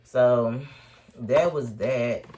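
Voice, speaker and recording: A man's voice: mid-range voice, drawn-out words, slight background noise. A young man telling a wild story in a casual storytime vlog, swearing constantly and laughing as he talks. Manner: animated, swears constantly, laughs while talking. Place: indoors at home, sipping a drink.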